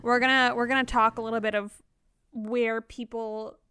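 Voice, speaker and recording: Woman, podcast co-host, casual book talk, animated, reads quotes aloud, dry close mic. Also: on the high side, normal speed, clear, resonant tone, no room sound.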